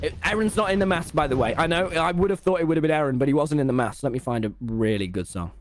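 A teenage boy with a British accent, gaming live on stream, tells a rambling, sarcastic school story full of mock self-pity. His voice is a little high, with lively intonation and a quick pace.

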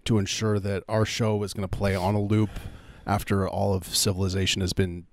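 Very deep-voiced laid-back radio man. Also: level tone, fairly quick, slight background noise. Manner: laid-back, hesitant, many fillers. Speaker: radio show co-host. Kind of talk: casual comedic banter during a fund drive.

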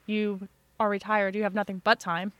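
A wry woman from a small town chats casually on a podcast, swearing offhandedly and acting out quotes in her stories. Her mid-pitched voice sounds dry and close to the mic. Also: level tone, normal speed, no room sound. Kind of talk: casual chat.

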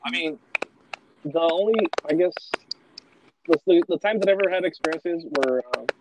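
A man talking casually, his voice sitting slightly high. He tells a long story and wanders through it with many fillers and restarts. Steady background noise runs under the recording. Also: normal speed. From Los Angeles. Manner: rambling, filler-heavy storytelling. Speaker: podcast host. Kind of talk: casual chat.

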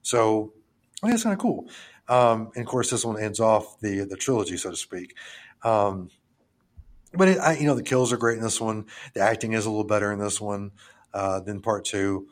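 A man with a fairly low voice talks through horror movies with his co-host in loose, rambling chat. He trails off, restarts, and drops casual swearing as he goes. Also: lively intonation, moderate pace. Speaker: podcast co-host.

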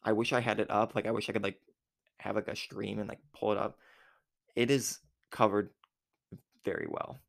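A man with a low, gravelly voice talks through a football game play by play. He rambles and corrects himself often, with many fillers. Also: level tone, moderate pace, pauses often. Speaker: football fan recapping a game. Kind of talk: casual game recap. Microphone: recording app with a time limit.

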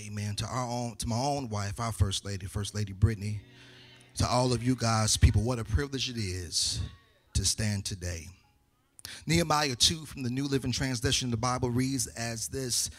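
A man's voice: medium pitch, a bit bright. A male pastor preaching to his congregation, reading scripture in a rising, sing-song preacher's cadence. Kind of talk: sermon. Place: church sanctuary with congregation.

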